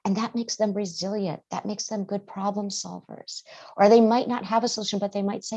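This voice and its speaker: A woman's voice: mid-range voice, fairly even intonation, fairly quick, darkish tone, highs cut off. A woman guest therapist giving earnest podcast interview answers, often acting out how parents and children talk.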